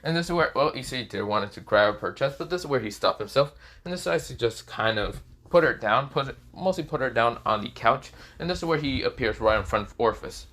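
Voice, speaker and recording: A man's voice: mid-range voice, lively intonation, a little fast, few pauses, fairly bright tone. A man improvising the narration of a fan-fiction story, rambling and full of fillers.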